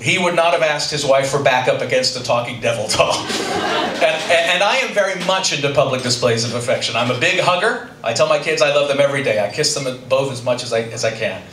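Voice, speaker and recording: A man's voice: medium pitch, a little fast. Dry-humored middle-aged male storyteller. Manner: dry, self-deprecating humor. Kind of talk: live personal storytelling. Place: live stage before an audience. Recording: roomy, distant stage recording with audience noise.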